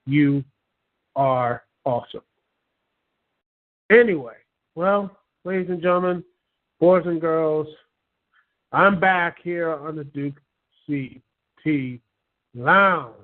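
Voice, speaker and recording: A man hosting an online talk show, chatting casually and reading an article aloud with many halting fillers and stumbles. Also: a little high. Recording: tinny phone-line sound.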